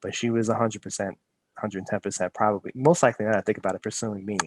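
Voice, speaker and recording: A man's voice: lowish voice, steady tone, fast, a little hiss or hum. A man co-hosting a podcast from home over a video call, telling a rambling story with many restarts. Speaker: podcast co-host. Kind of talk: casual podcast chat. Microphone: home setup on a video call.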